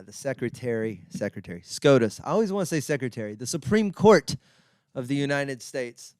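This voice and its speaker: A man's voice: mid-range voice, a little mellow, smooth, no echo, studio quality. A man hosting his own podcast, talking in a casual, rambling monologue with wry, self-deprecating asides. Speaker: podcast host.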